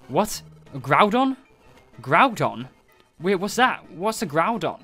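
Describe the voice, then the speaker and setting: A man hosting a let's play, excitable, reacting to the story with quick exclamations. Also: a little high, soft background music.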